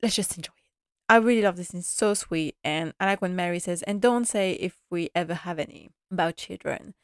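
A woman's voice: fairly low pitch, a little fast, smooth, no room sound, clean studio sound. A woman recapping a TV episode in a casual vlog, enthusiastic and chatty, laughing often and acting out the characters' lines. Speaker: TV episode reviewer.

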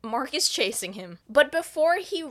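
A woman co-hosting a podcast, recapping a movie in a casual, profane, animated way, often breaking into laughter. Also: high-pitched, moderate pace. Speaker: podcast co-host.

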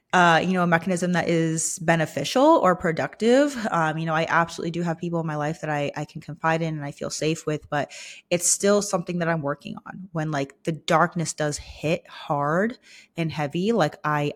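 A young woman hosting a personal podcast, speaking candidly and vulnerably with many fillers, emotional and close to tears. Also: low voice. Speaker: podcast host. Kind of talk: personal reflective monologue.

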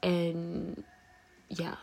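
A young woman vlogging late at night, talking softly and haltingly to her camera, tearful after crying, with many fillers and restarts. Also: lowish voice, completely flat delivery, creaky.

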